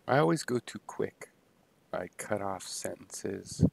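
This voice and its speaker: Deep gravelly guy rambling slowly about philosophy, stops and restarts a lot. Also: lively intonation. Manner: halting, many restarts and pauses, thinking aloud. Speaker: video blogger musing on philosophy. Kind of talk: unscripted philosophical monologue.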